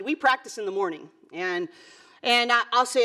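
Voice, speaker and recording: A woman speaks to a conference audience in a high, light voice. She is middle-aged, earnest and chatty, with plenty of "you know" and "um" as she works through her points. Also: expressive, a little fast, fairly bright tone. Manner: earnest, conversational, many fillers and asides. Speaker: basketball coach giving a talk. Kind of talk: motivational conference speech. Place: conference hall.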